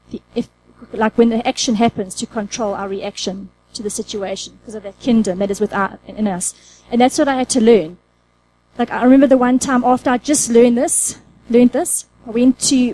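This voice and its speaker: A woman's voice: a little high, warm tone, slight background noise, poor audio. A woman preaching a conversational sermon, asking the audience questions and acting out her own inner dialogue.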